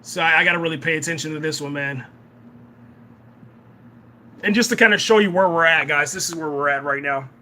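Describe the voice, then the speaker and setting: A young man hosting a live reaction and review of a TV episode, excitable, often repeating himself and tacking "man" onto his sentences. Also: on the high side, a little fast, pauses often. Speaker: reaction channel host.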